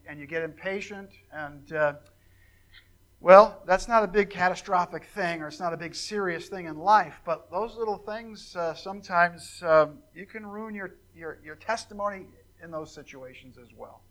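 High, bright-voiced older male preacher. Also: rough recording. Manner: folksy storytelling with joking asides and fillers. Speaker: pastor. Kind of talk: informal sermon to a congregation.

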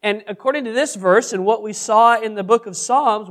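A man's voice: sits high, normal speed, fairly bright tone. A man leading a Bible study in a casual, conversational way, often asking the group questions and adding self-deprecating asides. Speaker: pastor teaching a Bible study. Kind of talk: casual interactive Bible teaching.

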